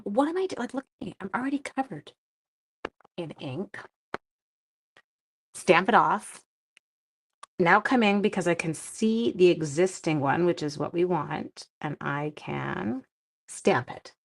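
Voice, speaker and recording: A woman's voice: mid-range voice, a bit bright. A woman hosting a live card-stamping tutorial, chatting and answering viewer comments as she works, with a chatty, self-deprecating manner. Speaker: papercraft demonstrator hosting a livestream.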